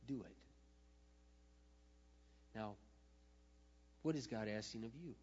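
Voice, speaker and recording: A man preaching a sermon as a pastor, swinging between hushed, tender passages and loud, impassioned outbursts. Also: fairly low pitch, slow pace, pauses often, breathy edge. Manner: emotional, swings from hushed to shouting. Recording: muffled, with a long hall echo.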